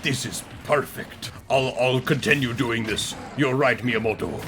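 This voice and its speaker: A man voicing a melodramatic male game antihero who speaks in earnest, halting, repeated pleas. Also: mid-range voice, noisy background, natural voice. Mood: moved.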